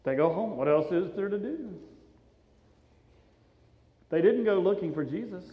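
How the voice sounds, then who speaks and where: A high-voiced male pastor delivering a sermon in a dramatic storytelling way, swinging from loud urgency down to hushed softness. His voice rings through a long, echoing church hall. The recording is dull and lo-fi. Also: lively intonation, measured pace. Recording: echoey hall, dull lo-fi sound.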